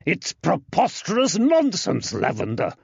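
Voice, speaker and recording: A man narrating an audiobook, voicing an angry blustering gentleman who shouts in a strained, raised voice. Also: high-pitched, huge pitch swings, moderate pace, gravelly, husky, no room sound, voice pushed up, heavily acted. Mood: furious. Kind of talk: audiobook character voice. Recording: dry, slightly dull.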